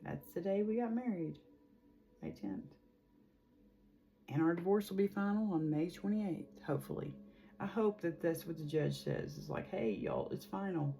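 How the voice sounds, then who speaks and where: Low-voiced woman rambling through a tarot reading. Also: moderate pace, gravelly, mellow. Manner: rambling, chatty, with many fillers. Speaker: tarot reader.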